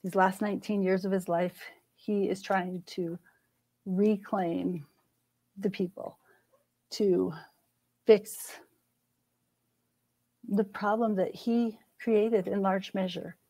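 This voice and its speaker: A woman's voice: mid-range voice, steady tone, slow pace, long pauses, mellow, low-quality recording. A middle-aged woman scholar, a guest in a conversational interview, speaking thoughtfully and earnestly. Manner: thoughtful, earnest, frequent restarts.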